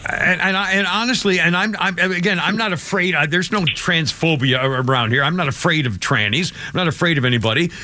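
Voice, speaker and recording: A man's voice: on the high side, brisk, few pauses, sharp tone, dry recording. A man in his seventies hosting a talk show, ranting in a rambling, heated way with many restarts and at times getting choked up. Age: 70s. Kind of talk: opinionated talk show commentary.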